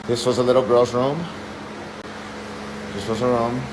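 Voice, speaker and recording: A man from Oakland, California, talks hesitantly into his phone while filming an empty apartment. He rambles and sounds spooked. The bare room echoes, and a loud steady noise fills the background. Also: mid-range voice, unhurried. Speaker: maintenance worker filming a property. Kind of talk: casual handheld phone video. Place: empty apartment unit indoors.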